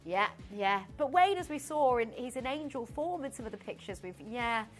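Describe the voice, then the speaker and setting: A woman hosting a live TV shopping show in a studio. Her high voice swoops up and down as she chats, giggles and frets. Faint music sits underneath. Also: normal speed. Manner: excitable, giggly, flustered, chatty. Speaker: shopping channel presenter. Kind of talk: live TV sales presenting.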